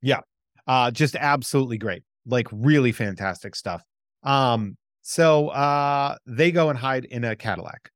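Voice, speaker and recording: A man's voice: mid-range voice, measured pace, no echo, studio quality. A man co-hosting a podcast, eagerly retelling a film's story and briefly acting out its lines in casual chat. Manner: excitable plot recap, acts out lines. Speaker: podcast co-host.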